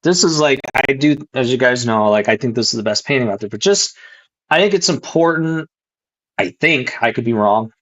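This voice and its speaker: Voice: mid-range voice, lively intonation, moderate pace, a bit bright. A podcast co-host thinking aloud about a painting in casual chat, hedging and unsure.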